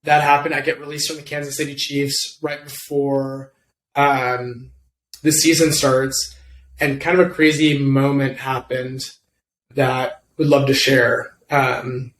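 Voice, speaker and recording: A man's voice: medium pitch, level tone, a little slow, a bit bright. Young man telling a story, echoey room. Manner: laid-back, slangy, lots of fillers. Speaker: interview guest, former football kicker. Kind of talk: casual storytelling in an interview. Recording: roomy with faint background noise.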